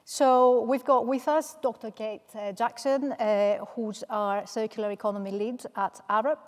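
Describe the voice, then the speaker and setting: A woman from Manchester moderating a panel discussion, speaking in a measured way with frequent "uh" fillers. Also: a little high, fairly even intonation. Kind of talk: panel introduction. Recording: long hall reverb.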